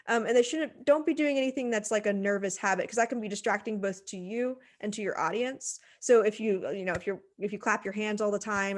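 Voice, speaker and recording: A woman teaching presentation skills in a recorded lecture, conversational, with frequent fillers and restarts, speaking into a computer microphone. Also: medium pitch. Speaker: writing center instructor.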